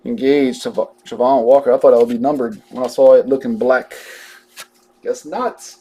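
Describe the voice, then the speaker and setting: A man's voice: medium pitch, normal speed, warm tone, husky. A man chatting casually while he opens trading cards on a live break, drawling and joking as he reads out each card.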